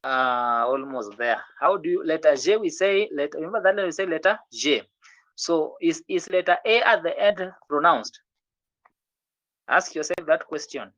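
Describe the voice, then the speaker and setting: A language teacher giving an online French lesson, patiently encouraging students and repeating words slowly so they can drill them. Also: mid-range voice, fairly bright tone.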